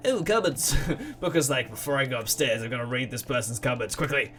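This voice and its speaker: A man's voice: mid-range voice, quick pace, a bit bright. A man giving rambling, casual commentary while playing a game, swearing and laughing. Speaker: let's play host. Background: game music.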